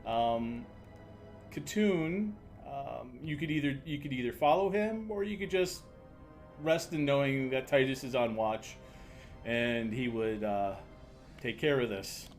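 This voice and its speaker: A man narrating as dungeon master in a casual tabletop game, halting with fillers and often laughing. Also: mid-range voice, soft background music.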